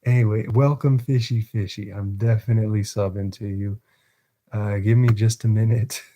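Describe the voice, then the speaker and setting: A man with a mellow, relaxed voice hosts a casual live stream, chatting to viewers and reading a novel aloud. He laughs easily and trips over longer words as he goes. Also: fairly low pitch, normal speed, slight background noise.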